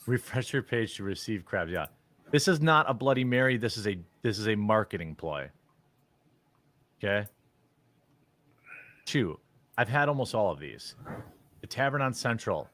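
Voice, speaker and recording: A man's voice: lowish voice, lively intonation, moderate pace, pauses often, fairly bright tone, a little hiss or hum. A man giving casual commentary as a streamer, blunt and opinionated in a mock-serious way.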